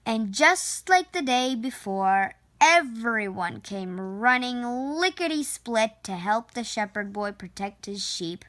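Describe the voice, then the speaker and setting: A woman reading a children's picture book aloud, slow, clear and expressive. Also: fairly high pitch. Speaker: storyteller.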